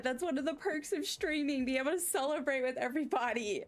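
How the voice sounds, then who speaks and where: A woman with a lilt chats loosely to her live-stream audience as she plays. Her voice sits fairly high, and she runs through fillers and restarts before jumping into squeals of delight. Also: a little fast. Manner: chatty and excitable, squealing with delight. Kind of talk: casual live-stream chat while gaming.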